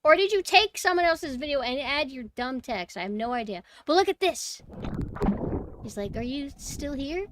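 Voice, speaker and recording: A woman streamer talking casually to her viewers, excitable and swearing freely. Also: sits high, moderate pace, heavy background noise. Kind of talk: casual live-stream commentary. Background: game music.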